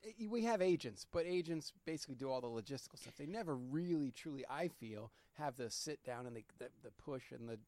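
A man's voice: mid-range voice, animated, brisk, hardly any pauses, dark tone, no echo. A man from the eastern US hosting a podcast, chatting casually and teasing his guests. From eastern United States. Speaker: podcast host. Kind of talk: casual chat.

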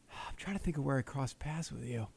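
A man hosting a podcast who talks in loud, joking, crude banter. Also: mid-range voice, moderate pace, gravelly, husky. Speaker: podcast host. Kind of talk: casual chat.

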